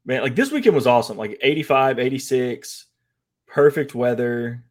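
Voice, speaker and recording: A young man from the American Midwest, co-hosting a casual podcast and telling stories with lively, acted-out quotes. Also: moderate pace. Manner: animated storyteller, acts out quotes in a high voice. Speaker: podcast co-host. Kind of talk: casual chat.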